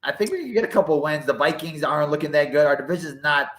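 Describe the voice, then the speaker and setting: A man's voice: on the high side, racing, fairly bright tone, roomy sound, rough recording. A man co-hosting a podcast, giving laid-back casual chat and plain fight analysis.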